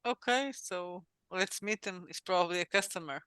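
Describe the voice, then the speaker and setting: A tabletop game player, chatting and asking questions in a brisk way. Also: mid-range voice, sharp tone, smooth, no room sound. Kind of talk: tabletop role-play chat.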